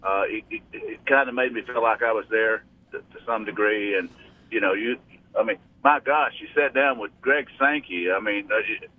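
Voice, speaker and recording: A man's voice: fairly low pitch, moderate pace. A man from Alabama with a Southern accent, calling into a radio show and chatting in a rambling way with many restarts. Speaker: radio caller. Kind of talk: casual phone call. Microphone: phone. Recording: tinny phone line.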